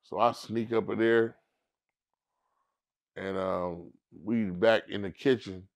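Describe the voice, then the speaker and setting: A middle-aged man, a comedian, telling a story casually in an interview and acting out the other people in it. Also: slow. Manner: animated storyteller who acts out others in high squeaky voices. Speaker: comedian guest.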